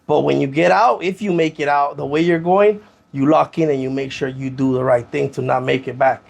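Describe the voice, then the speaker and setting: A podcast guest tells his story in a casual, animated way, slipping into the voices of the people in it. His voice is gravelly and sits a little high for a man. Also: brisk. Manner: animated, acts out other people's lines, heavy slang.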